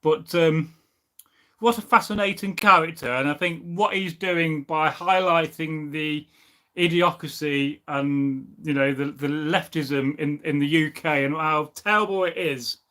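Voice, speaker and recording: A man's voice: a little high, fairly even intonation, measured pace, bright, forceful tone. A man hosting a live stream and reading the chat aloud, talking in a rambling, opinionated way with plenty of fillers.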